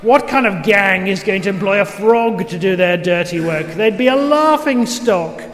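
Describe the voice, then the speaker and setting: A man voicing a giant, imposing male frog who speaks slowly, formally and courteously, in a room with a long echo. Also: sits high, a bit bright. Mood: earnest. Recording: roomy with long reverb, faint noise.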